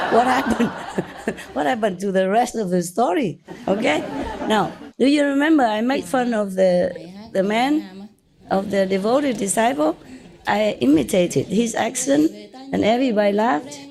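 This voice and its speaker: A woman's voice: medium pitch, dark tone. A woman from southern Vietnam with a Vietnamese accent, giving an informal, chatty lecture to followers and checking in with "okay?" and "yeah?". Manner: chatty and teasing, tags questions like okay and yeah. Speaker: spiritual teacher.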